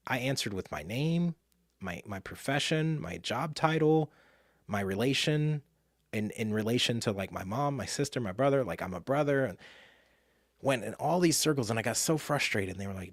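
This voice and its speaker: A man telling a personal story in an animated way, dropping to a hush and jumping up loud when he acts out what others said. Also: medium pitch, normal speed, no echo, studio quality. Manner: animated, jumps from hushed to loud mimicry. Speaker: speaker and author.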